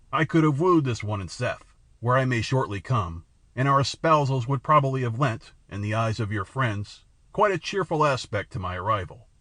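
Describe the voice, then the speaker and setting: A man's voice: medium pitch, fairly bright tone, dry recording, close to an everyday voice. A man voicing a haughty, superstitious alien king with a scornful, menacing manner in an audiobook reading. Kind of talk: audiobook character voice.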